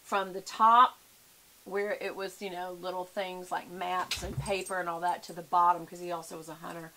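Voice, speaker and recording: A chatty woman talks straight to her camera at home, rambling from one thing to the next and calling her viewers y'all. Her voice is bright and forward, over a faint hiss in the recording. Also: fairly low pitch, level tone, moderate pace. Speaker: vlogger. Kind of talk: casual chat to camera.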